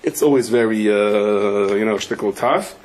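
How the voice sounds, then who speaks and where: Rabbi telling jokes in a sermon. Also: male voice, unhurried, a little mellow, low-quality recording. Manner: storytelling, jumps to high pitch for quoted voices; uses Yiddish and Hebrew words. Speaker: rabbi giving a Torah talk. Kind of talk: humorous sermon with anecdotes.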